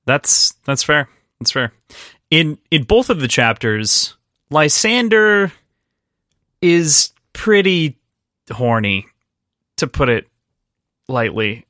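Bright-voiced man chatting and laughing. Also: a little high, takes it slowly, long pauses, dry recording, clean studio sound. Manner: laughs often, animated and joking. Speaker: podcast co-host. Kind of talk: casual book discussion.

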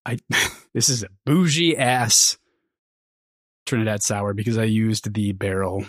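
A man's voice: lowish voice, a little slow, no room sound, clean studio sound. Rambling, teasing male podcast co-host. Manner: rambling, teasing, chuckles mid-sentence. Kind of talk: casual chat.

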